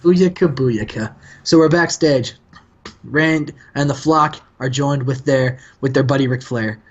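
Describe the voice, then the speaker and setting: A man's voice: medium pitch, steady tone, a little slow. A man hosting a casual gaming commentary, joking and acting out characters as he plays. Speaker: host. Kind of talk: casual let's-play commentary. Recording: dull lo-fi mic.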